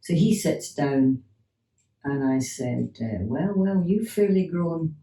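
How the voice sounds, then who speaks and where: A middle-aged woman spins stories from her hypnotherapy practice, slipping into the voices of the people in them. Her tone is soft and mellow. She sits some distance from the mic in an echoey room. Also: sits low, slow. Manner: lively anecdotes with acted-out dialogue and laughter. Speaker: clinical hypnotherapist. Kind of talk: storytelling in an interview.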